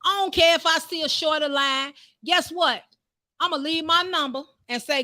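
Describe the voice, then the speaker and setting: A woman's voice: sits high, normal speed, sharp tone. A woman preaching a live-streamed sermon in a fervent, repetitive, conversational way.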